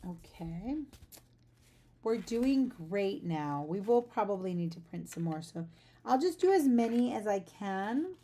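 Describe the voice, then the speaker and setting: Chatty woman with a mellow voice. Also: medium pitch, big pitch swings, unhurried, slight background noise. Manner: chatty, rambling, talks to viewers. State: sleepy, just up. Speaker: livestream host, artist. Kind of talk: casual livestream chat while packing orders. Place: home art studio.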